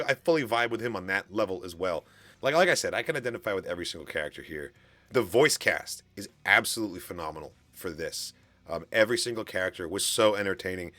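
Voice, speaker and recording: A man's voice: fairly low pitch, a bit bright, dry recording. A man hosting an anime reaction channel, chatting casually and enthusiastically to his viewers with plenty of fillers. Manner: enthusiastic and chatty, with lots of fillers and bursts of laughter. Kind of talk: casual reaction commentary to camera.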